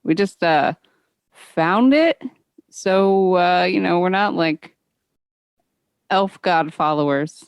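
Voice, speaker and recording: A woman playing a tabletop game, chatting casually and asking quick, joking questions. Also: fairly low pitch, clean tone, no room sound, clean studio sound. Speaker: player.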